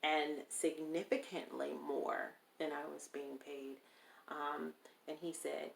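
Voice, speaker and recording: A woman telling a personal story in a casual interview, animated and acting out the people she quotes. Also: low-pitched, takes it slowly, vocal fry. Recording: roomy echo.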